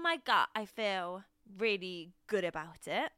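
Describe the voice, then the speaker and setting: Brief: bright crisp woman in her twenties, excitable rambling podcast co-host, dry close mic. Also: medium pitch, a little slow, few pauses, dry recording. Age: 20s. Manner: excitable, laughs often, rambling. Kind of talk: casual chat.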